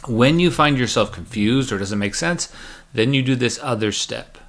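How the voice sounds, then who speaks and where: A man's voice: medium pitch, animated, normal speed, fairly bright tone. A man teaching a recorded math lecture, chatty and joking as he walks through each step aloud.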